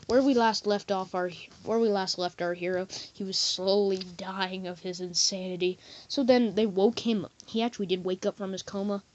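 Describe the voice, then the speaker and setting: A woman's voice: medium pitch, lo-fi sound, slight background noise. Woman vlogger rambling on about random silly stuff, keeps slipping into goofy voices. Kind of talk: rambling comedy monologue.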